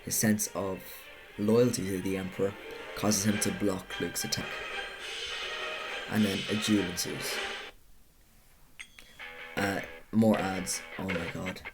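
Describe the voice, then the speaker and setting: A man's voice: deep voice, little pitch movement, slow, pauses often. A man narrating a casual video essay, talking conversationally with self-correcting asides. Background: music.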